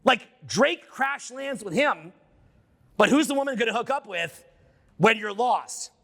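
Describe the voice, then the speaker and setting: A seminar speaker addresses a live audience through an unamplified handheld mic, his high voice gravelly with a bright, forceful push. At a measured pace he animatedly fires questions at the crowd and swears freely to drive home his points.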